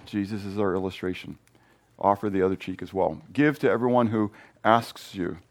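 A man preaching a sermon, lively, with playful asides, sudden swings between loud and soft, and frequent restarts. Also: lowish voice, normal speed. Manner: restarts and repeats words mid-thought. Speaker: pastor.

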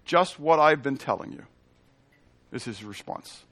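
A man teaching a Bible study as pastor, emphatic, asking the room questions and answering them himself, stretching out scripture quotes slowly and loudly. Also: medium pitch, animated. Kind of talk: sermon with Bible reading.

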